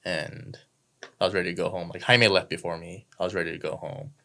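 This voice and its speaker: A man's voice: sits low, fairly even intonation, fairly quick, creaky, bright, forceful tone. A young man, a podcast guest telling a story casually, laid-back and swearing freely. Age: young adult.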